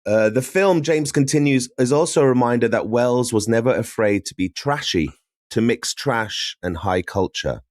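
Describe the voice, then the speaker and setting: A young man from Syria co-hosting a podcast, chatting casually and telling animated stories with laughs. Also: medium pitch, normal speed, no echo, studio quality. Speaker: podcast co-host. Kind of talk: casual chat.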